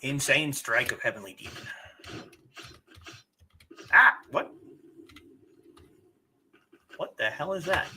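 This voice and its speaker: A man's voice: medium pitch, takes it slowly, long pauses, slight background noise. A man in his forties chatting casually and jokily while livestreaming a game. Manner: chatty, animated and jokey. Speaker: streamer.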